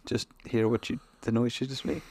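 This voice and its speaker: A young man, co-hosting a podcast in easygoing, halting chat. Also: medium pitch, steady tone, vocal fry, darkish tone, breathy edge. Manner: easygoing, hesitant, restarts a lot. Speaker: podcast co-host. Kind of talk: casual chat.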